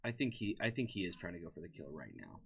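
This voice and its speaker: Man, low voice, co-commentator, relaxed, agreeable, jokey asides. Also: quick pace, gravelly, breathy edge. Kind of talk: casual game commentary.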